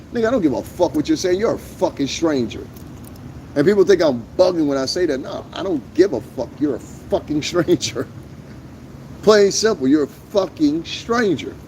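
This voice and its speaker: A man's voice: mid-range voice, a little mellow. Man, live-stream rant, swearing, blunt, outdoors, faint traffic behind. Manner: blunt, swearing, repeats his points for emphasis. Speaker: YouTube streamer. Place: outdoors on a lawn.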